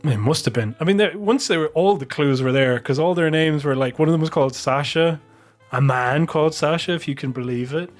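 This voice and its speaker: A man's voice: fairly high pitch, a little fast, faint music behind. A man on a podcast telling a long, rambling anecdote with plenty of swearing. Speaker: podcast co-host. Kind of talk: casual podcast chat.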